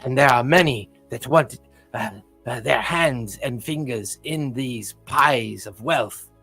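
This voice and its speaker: A man voicing a gruff, guttural male hobgoblin leader with a deep drawl. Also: takes it slowly, a bit bright, faint music behind, full character voice. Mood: worried.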